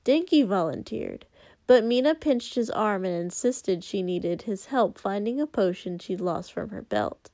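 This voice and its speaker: A woman narrating a story in a steady, unhurried reading. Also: medium pitch, dry recording, clean studio sound. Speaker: audiobook narrator. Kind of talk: story narration read aloud.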